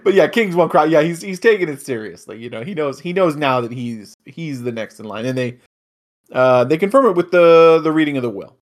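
Excitable man recapping a show. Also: fairly high pitch, brisk. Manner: excitable, swears, jokey asides. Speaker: podcast co-host. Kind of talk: casual chat recapping an anime.

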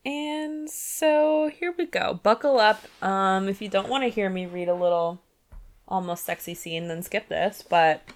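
A woman hosting a book club podcast, chatting casually with giggly asides and reading passages aloud. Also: medium pitch.

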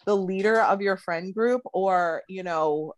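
A woman's voice: medium pitch, measured pace, dry recording. A young woman co-hosting a podcast, chatting casually and loosely with lots of "like" and "you know". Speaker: podcast co-host. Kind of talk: casual chat.

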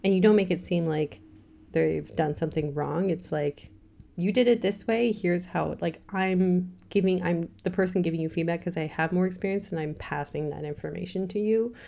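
A woman co-hosting a casual podcast chat, speaking in a low voice with a gravelly fry. She lays out her views earnestly and at length. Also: fairly even intonation, normal speed, dark tone. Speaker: podcast co-host.

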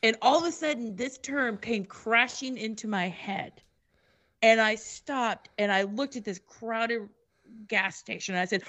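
A woman's voice: on the high side, unhurried. A woman telling a story in casual chat, swearing and acting out the quoted lines of everyone in it. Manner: animated, swears, acts out quotes.

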